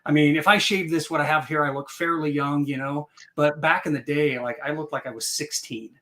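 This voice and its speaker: A man's voice: fairly high pitch, steady tone, brisk, sharp tone. A man telling his story as a podcast guest in a casual, rambling way, full of fillers and restarts. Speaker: podcast guest, real estate investor.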